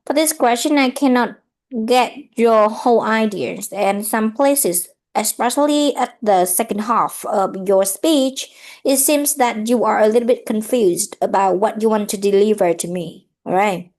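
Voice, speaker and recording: A woman's voice: medium pitch, measured pace, a little mellow. A woman, tutoring English over a video call and giving patient, corrective feedback. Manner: patient, corrective, repeats "okay?" often. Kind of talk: feedback in an online speaking lesson.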